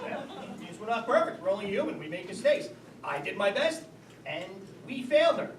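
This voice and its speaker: A man's voice: sits high, sing-song, normal speed, a crowd in the background. An actor playing a harried, blustering middle-aged father of the bride on stage, heard from a distance in an echoey room with background noise. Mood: mournful. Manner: blustering, exasperated. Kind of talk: stage play performance.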